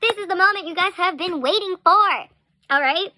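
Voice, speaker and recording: A young woman telling a story in a casual vlog, chatty and animated, full of "like" and little laughs. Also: very high-pitched, brisk, dry recording.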